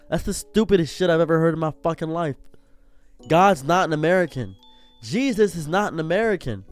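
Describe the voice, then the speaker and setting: An impassioned young man rants with a slightly high voice, his anger spilling over until he is close to tears. Faint music plays under his talk. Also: animated, moderate pace, no echo. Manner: impassioned, swinging from angry to near tears. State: holding back tears. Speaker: streamer. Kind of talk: emotional commentary rant.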